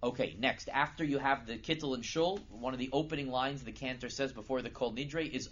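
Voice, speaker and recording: A man giving a sermon as a lively storyteller who builds to loud, emphatic peaks. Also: medium pitch, brisk, few pauses. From United States. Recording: dull lo-fi recording with faint noise.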